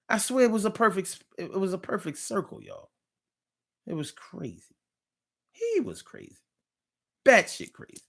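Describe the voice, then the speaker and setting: A man's voice: high voice, huge pitch swings, moderate pace, pushed and bright. A man hosting a live online talk show, telling a story casually and profanely, repeating phrases.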